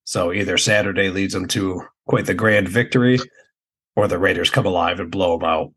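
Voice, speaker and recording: A man's voice: sits low, steady tone, moderate pace, a bit bright, slightly rough. A man co-hosting a casual sports betting podcast, laid-back and profane. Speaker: podcast co-host.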